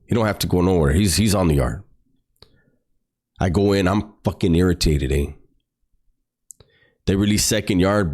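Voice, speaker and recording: A man's voice: deep voice, a little mellow. A man recounting a personal story as a podcast guest, blunt and profane, full of street slang.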